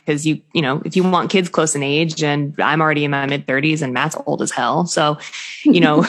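A woman's voice: deep voice, fairly quick. Candid chatty woman in her thirties. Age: 30s. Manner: candid, animated and self-deprecating with swearing. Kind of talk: casual chat.

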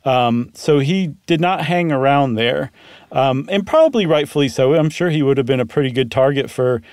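A man's voice: mid-range voice, animated, normal speed, a little mellow, clear, resonant tone, no room sound. A man co-hosting a podcast, telling a story in a casual chatty way with frequent ums. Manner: conversational storytelling with frequent um fillers. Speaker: podcast co-host. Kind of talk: casual chat.

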